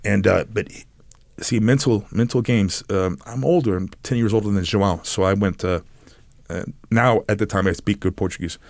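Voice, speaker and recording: A middle-aged man, a podcast guest, telling a long story in a halting, animated way, stopping and restarting and acting out what others said. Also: fairly low pitch, gravelly, no echo. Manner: halting, animated storyteller who acts out quotes. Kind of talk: casual storytelling interview.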